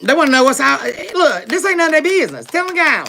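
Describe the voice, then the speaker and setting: A woman's voice: sits high, sing-song, fast, sharp tone, a little hiss or hum. A woman giving a live tarot reading, talking in a sassy, emphatic way straight to her viewers, with frequent laughs. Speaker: tarot reader.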